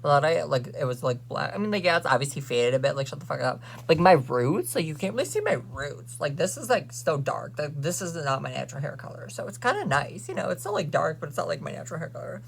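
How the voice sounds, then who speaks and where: A man's voice: on the high side, animated, fast, gravelly, few pauses, a little hiss or hum. A young man venting to camera in a sassy, profane, ranting way, as a vlogger. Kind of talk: casual rant to camera.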